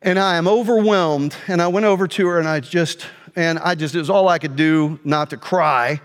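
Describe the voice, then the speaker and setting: Animated pastor man in a big hall. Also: on the high side, moderate pace, smooth. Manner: animated, swings from quiet asides to shouting. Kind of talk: storytelling sermon. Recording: long hall reverb.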